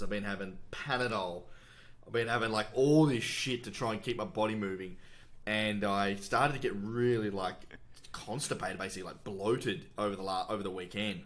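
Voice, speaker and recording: Low-voiced young man, matter-of-fact. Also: a bit bright. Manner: plain, matter-of-fact storytelling with swearing. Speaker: podcast co-host. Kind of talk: casual chat.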